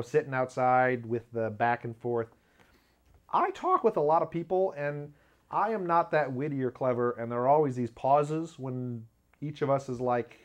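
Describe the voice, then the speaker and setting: A man hosting his own show, talking in a rambling, self-mocking way and often laughing at his own jokes. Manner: lively pitch jumps when acting out quotes. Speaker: video show host. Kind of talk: casual comedic monologue. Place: home studio with black curtain behind.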